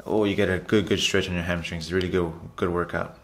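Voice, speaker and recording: Over his workout footage, a fitness vlogger chats in a casual voiceover, his voice sitting low with fairly even intonation at a fairly quick pace. He's loose and repetitive, often calling out to his viewers and saying "guys."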